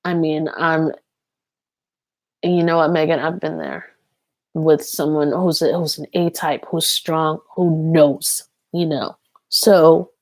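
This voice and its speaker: Slow, halting woman reading tarot. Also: low-pitched, flat delivery, dry recording. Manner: halting, full of fillers, earnest. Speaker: tarot card reader. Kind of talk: psychic tarot reading to camera.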